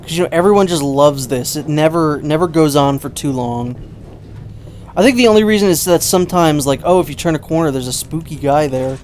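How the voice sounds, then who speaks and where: A man's voice: fairly high pitch, a little fast, darkish tone, slight background noise. A man giving rambling, chatty, self-mocking commentary while playing a game. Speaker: gameplay commentator. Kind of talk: casual let's-play commentary.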